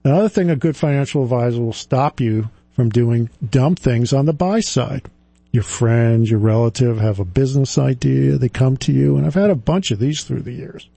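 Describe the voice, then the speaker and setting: A man's voice: medium pitch, normal speed, creaky, mellow, no echo. A middle-aged man, a financial advisor, telling stories in a chatty monologue that is full of chuckles and restarts. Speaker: financial advisor and firm president. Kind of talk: casual storytelling monologue.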